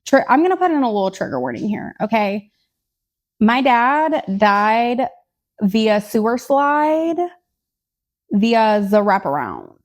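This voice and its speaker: Woman, twenties, podcast co-host, casual storytelling, blunt, dark humor. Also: a little high, big pitch swings, takes it slowly. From Tennessee, USA. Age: 20s. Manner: blunt, candid, dark humor with frequent asides.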